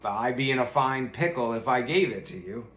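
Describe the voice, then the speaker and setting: A man's voice: mid-range voice, animated, brisk, fairly bright tone, lightly acted. A man voicing a stubborn, indignant farmer in a storybook reading. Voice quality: grumbling, indignant. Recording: roomy echo.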